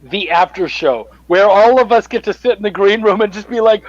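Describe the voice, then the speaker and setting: A man's voice: high voice, fairly quick, lo-fi sound. A man chatting on an online panel, candid and laughing, swearing freely. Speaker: comic creator panelist. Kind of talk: casual panel chat.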